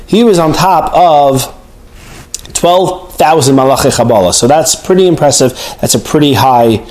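A man's voice: fairly high pitch, normal speed, a little mellow, poor audio. A man giving a Torah class as a rabbi, earnest, often restarting his words. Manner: earnest, with frequent stammered restarts.

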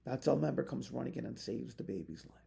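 A man's voice: medium pitch, animated, fast, gravelly, dark tone. A man, a rabbi, teaching a Torah lesson with passion, weaving Hebrew phrases into his English and building to emphatic peaks.

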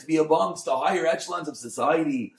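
A man, a rabbi, giving a Torah class on a Mussar text, mixing Hebrew terms into English and swinging from soft to loud. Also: fairly high pitch, brisk, reverberant. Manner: expressive, dynamic delivery, swings from soft to loud.

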